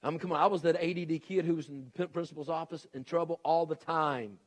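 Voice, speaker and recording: A man's voice: fairly high pitch, steady tone, fast. Emphatic folksy preacher, man. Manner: emphatic, folksy, repeats his point, acts out quoted people. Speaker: preacher and educator. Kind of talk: sermon.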